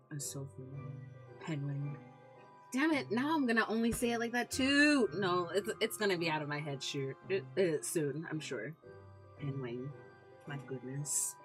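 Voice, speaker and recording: A chatty woman streamer gives casual gameplay commentary in a lowish voice that swoops up and down with animated expression. She talks straight to her viewers and laughs easily, with faint music playing underneath. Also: moderate pace.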